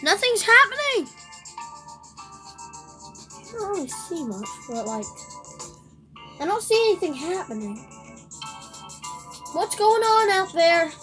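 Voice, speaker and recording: Excitable high-voiced woman doing game commentary. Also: takes it slowly, long pauses, over music. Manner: excitable, rambling, shrieks at surprises. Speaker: gaming video host. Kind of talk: let's play commentary.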